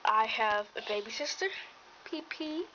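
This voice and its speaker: A woman's voice: on the high side, normal speed, bright, forceful tone, recorded from a distance. A woman acting out a homemade story, voicing several characters in bickering, teasing dialogue. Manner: plays back-and-forth dialogue, bickering and teasing. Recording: dull lo-fi home recording with faint noise.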